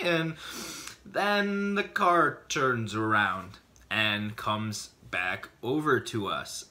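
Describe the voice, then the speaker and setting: A man vlogging, telling a funny personal story in an animated, joking way with quick bursts of speech. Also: medium pitch, slight background noise.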